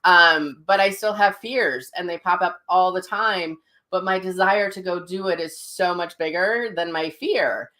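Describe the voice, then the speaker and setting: A woman's voice: lowish voice, unhurried, pushed and bright. A middle-aged woman hosting a casual livestream as a psychic medium, telling stories with lots of ums and restarts. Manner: chatty storytelling with many fillers and restarts.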